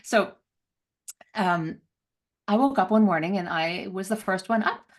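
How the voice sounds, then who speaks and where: A middle-aged woman telling a personal story as an interview guest, laughing often and acting out voices with big jumps in pitch. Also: a little slow. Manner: laughs often, many fillers.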